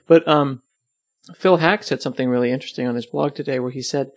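A man's voice: medium pitch, fairly even intonation, fast, dry recording. A man answering questions in a casual podcast chat, teasing and rambling, self-deprecating about himself. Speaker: podcast host and web developer, as guest.

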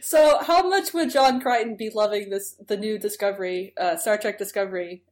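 A woman's voice: medium pitch, moderate pace, darkish tone. A woman co-hosts a podcast and recaps an episode in casual chat. She is enthusiastic and chatty and laughs often. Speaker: podcast co-host.

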